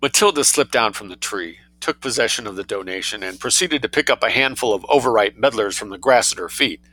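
A man narrating a story aloud in a wry, lively reading voice, adding his own commentary. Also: lowish voice, brisk, no echo, low-quality recording. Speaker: reader and commentator.

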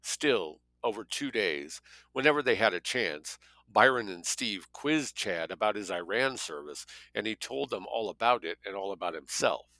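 A man's voice: fairly low pitch, animated, moderate pace, sharp tone, no echo. A man narrating a thriller audiobook in a plain reading voice, now and then dropping offhand asides of his own. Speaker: audiobook reader.

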